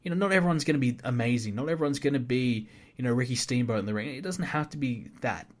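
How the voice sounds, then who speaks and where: A man talks through his podcast on his own in a casual, rambling way, stacking up opinions with plenty of fillers and restarts. His voice sits at an ordinary middle pitch. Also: quick pace. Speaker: podcast host. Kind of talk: casual solo podcast commentary.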